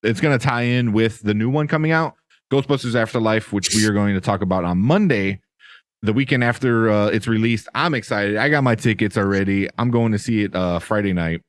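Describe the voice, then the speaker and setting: A man's voice: fairly low pitch, brisk, no room sound. A man hosting a casual movie review podcast, talking in a rambling, enthusiastic way with many fillers. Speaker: podcast host.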